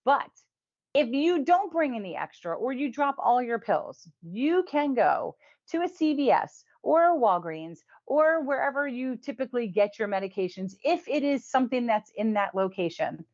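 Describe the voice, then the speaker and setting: A woman hosting a casual weekly review show. She talks in a chatty way, laughs often and drops in quick asides. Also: a little high, sing-song, a little mellow, muffled recording. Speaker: host.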